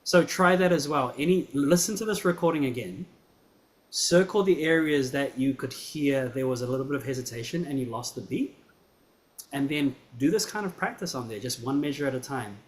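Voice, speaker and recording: A male piano teacher with an even, mid-range voice, giving patient feedback after a student's performance. He talks in a friendly, encouraging way and keeps checking that the student follows him. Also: mid-range voice, moderate pace. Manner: encouraging, checks understanding with "right?" and "yeah?".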